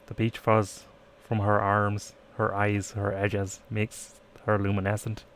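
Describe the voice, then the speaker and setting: A man's voice: lowish voice, completely flat delivery, takes it slowly, a little hiss or hum. A man streaming live, reading a story game aloud with stumbles and laughing asides.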